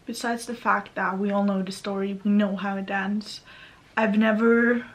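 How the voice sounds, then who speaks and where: Her delivery is flat, her pitch medium, her speed normal: a young woman from Norway with a Norwegian accent, vlogging casually at home by her computer. She rambles nervously and frequently corrects herself.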